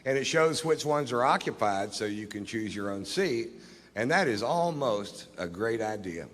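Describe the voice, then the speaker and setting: A stand-up comedian telling stories on stage in a laid-back, deadpan, profane manner. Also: male voice, on the low side, normal speed, slight background noise. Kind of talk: live stand-up storytelling. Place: live comedy venue on stage. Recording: live venue with reverb and crowd.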